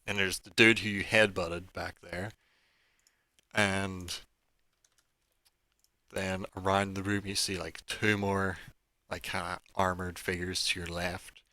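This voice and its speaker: A man's voice: sits low, pushed and bright, no room sound. A man narrating a tabletop game as dungeon master, casual and full of fillers. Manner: casual, with many fillers like "like" and "kinda".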